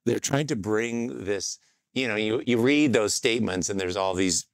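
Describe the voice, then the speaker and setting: A man with a fairly low voice hosts a podcast and thinks out loud in a relaxed, reflective way. He often pauses with fillers and restarts his sentences. The sound is dry and close, with no room echo. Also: vocal fry. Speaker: podcast host. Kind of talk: casual podcast talk.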